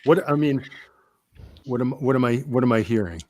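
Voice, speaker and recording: A man playing a tabletop role-playing game, talking in a halting way with many fillers. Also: mid-range voice, lively intonation, a little mellow. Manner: halting, full of fillers and restarts. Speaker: player.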